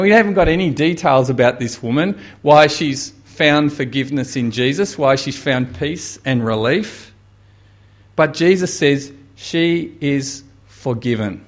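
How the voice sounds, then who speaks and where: A man preaching a sermon, retelling a gospel story and lifting his voice to quote Jesus with dramatic weight. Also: mid-range voice.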